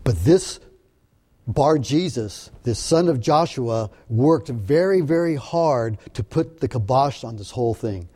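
A man's voice: medium pitch, expressive, warm tone, husky. A man preaching a Bible teaching in an earnest, explanatory way, often restarting his sentences. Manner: earnest, halting with repeated restarts. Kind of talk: sermon-style Bible teaching.

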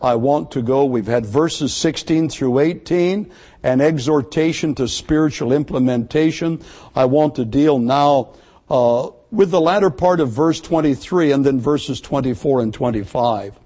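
Male pastor, mid-pitched, delivering an emphatic sermon with repeated words for stress. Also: a little slow, warm tone.

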